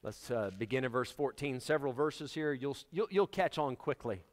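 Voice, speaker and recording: Joking, conversational pastor in a reverberant church. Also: male voice, mid-range voice, animated, moderate pace. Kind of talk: sermon. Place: church sanctuary.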